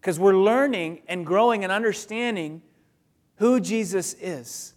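Conversational pastor in a reverberant hall. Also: male voice, high-pitched, unhurried. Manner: conversational, repeats phrases for emphasis. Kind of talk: expository sermon. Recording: long reverb of a large hall.

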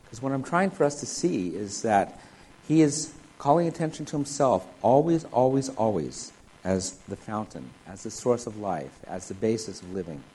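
A man's voice: fairly low pitch, expressive, normal speed, warm tone, husky, poor audio. A man preaching a sermon, reading scripture aloud and explaining it verse by verse. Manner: expository, reads scripture aloud then explains it. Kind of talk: sermon, Bible teaching.

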